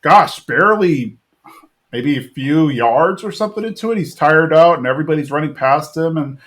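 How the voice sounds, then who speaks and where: A man's voice: fairly high pitch, expressive, normal speed, a bit bright. A man hosting a podcast, casually recapping a cartoon episode in a rambling way with many fillers and restarts. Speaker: podcast host.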